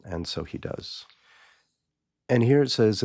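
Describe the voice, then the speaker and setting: A man's voice: medium pitch, animated, slow pace, creaky, pauses often, darkish tone. A man hosting a podcast, casually retelling a children's book and musing as he goes, often restarting and repeating words. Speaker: podcast host.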